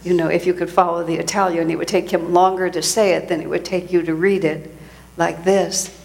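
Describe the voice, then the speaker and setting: A woman's voice: on the low side, level tone, fairly quick, creaky, darkish tone. Woman giving a reflective sermon. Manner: reflective storytelling with frequent restarts.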